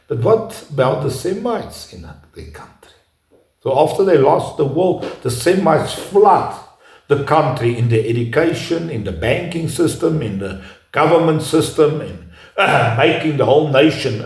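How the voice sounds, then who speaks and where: Halting man speaking in an echoey room. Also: fairly high pitch. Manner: halting, with frequent "uh" pauses and restarts. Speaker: speaker giving a talk. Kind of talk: unscripted lecture.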